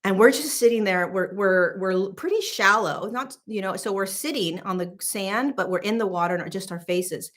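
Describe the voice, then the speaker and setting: A woman spiritual teacher and host telling a casual story in an animated, emphatic, chatty way. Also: mid-range voice, moderate pace, few pauses.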